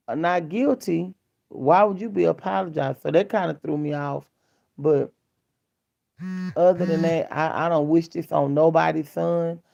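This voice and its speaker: A woman's voice: low voice, creaky, dark tone. A middle-aged woman vlogging in a casual chat, telling stories bluntly and candidly in colloquial speech. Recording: dull lo-fi sound.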